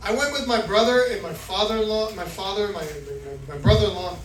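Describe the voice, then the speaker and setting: A middle-aged man from Florida doing an animated stand-up set, acting out voices and shouting punchlines. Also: high-pitched, brisk, a little hiss or hum. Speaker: stand-up comedian. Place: comedy club stage. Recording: echoey club recording from far off, crowd laughter. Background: audience laughter.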